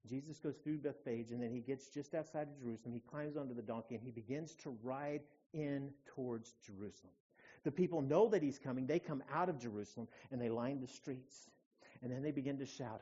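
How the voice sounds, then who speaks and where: A male pastor preaching a sermon, telling the story in an animated way that swings from hushed to loud. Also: mid-range voice, fairly quick, slightly rough. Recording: dull lo-fi church recording.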